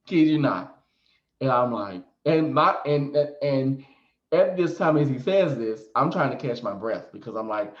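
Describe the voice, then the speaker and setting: A man hosting a storytime vlog as a psychic reader, animated, often laughing and adding "okay?" asides. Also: medium pitch, unhurried. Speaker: psychic reader and video host. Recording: echoey room, slightly dull sound.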